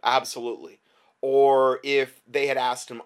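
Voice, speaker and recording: A man's voice: mid-range voice, lively intonation, normal speed, fairly bright tone. A man hosting his own show, talking in a rambling, emphatic way with frequent restarts and asides to listeners. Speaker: podcast host. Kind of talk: casual talk-show commentary.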